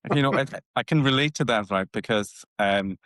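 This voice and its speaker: A man's voice: mid-range voice, brisk, a bit bright, no echo, studio quality. A man from Cork with a Cork Irish accent, co-hosting a podcast in a reflective way, often restarting his words. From Cork, Ireland. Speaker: podcast co-host. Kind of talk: casual chat.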